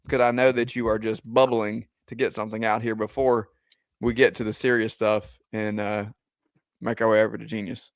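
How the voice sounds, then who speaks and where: Measured man hosting a sports podcast. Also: on the low side, little pitch movement, dry recording. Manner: measured, steering the discussion. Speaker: podcast host. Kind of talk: casual sports talk.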